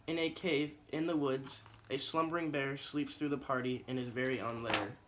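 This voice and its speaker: A man's voice: mid-range voice, steady tone, normal speed, noisy background. A male teacher in a classroom reading a picture book aloud in a rhythmic, sing-song way, then giving instructions.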